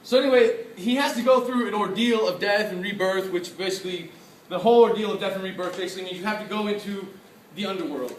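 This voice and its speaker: A man giving a lively convention panel talk, excitable, laughing often and acting out his own reactions. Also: high-pitched, slight background noise. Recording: echoey room, from far off.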